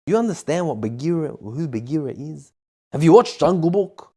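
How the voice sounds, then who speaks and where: A young man, chatting to camera about his music in a jokey, animated way, sometimes breaking into song. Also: on the high side, moderate pace, breathy edge. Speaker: musician and vlogger. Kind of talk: casual storytelling to camera.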